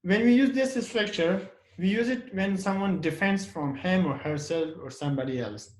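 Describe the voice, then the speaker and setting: Speaking at a moderate pace in a high-sitting voice, an English teacher teaches grammar in an echoey room. He asks questions, answers them, and repeats example sentences with emphasis.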